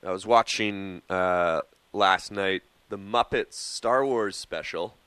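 A man's voice: deep voice, slow, sharp tone, smooth. A man co-hosting a casual radio show, playfully chiming in and telling anecdotes. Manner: playful, echoing the host. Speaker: radio co-host.

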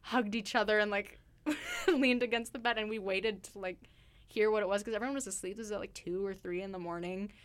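A woman's voice: medium pitch, animated, brisk. A woman co-hosting a casual studio chat, rambling through stories with frequent laughs. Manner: giggly, rambling storyteller. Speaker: radio co-host. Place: radio studio.

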